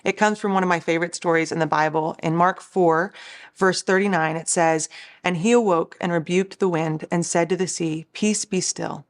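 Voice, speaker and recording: A woman's voice: on the low side, steady tone, normal speed. A woman, a Christian recording artist, giving an earnest, encouraging devotional talk in a conversational way.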